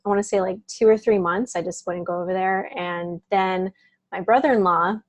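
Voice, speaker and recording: A woman with a fairly low voice and fairly even intonation speaks at normal speed as a casual interview guest. She recounts a personal story, laughing frequently and using lots of "like" fillers, with no room sound on the recording.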